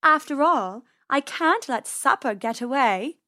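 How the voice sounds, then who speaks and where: Woman doing a slow, purring villain cat. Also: sits high, animated, sharp tone, no echo, studio quality, heavily acted. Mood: haughty. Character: sly, purring female cat, menacing and grand.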